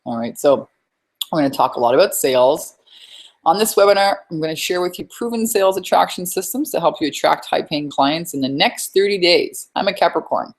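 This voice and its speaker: A woman's voice: on the low side, expressive, fairly quick. A woman business coach hosting a live webinar, effusive and upbeat, chatting with her audience as she teaches.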